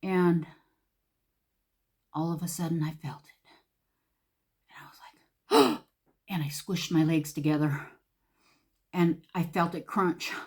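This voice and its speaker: A woman's voice: sits low, steady tone, takes it slowly, pauses often, a little mellow. A middle-aged woman, chatting animatedly and full of fillers while she does her makeup for a get-ready-with-me video. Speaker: beauty vlogger.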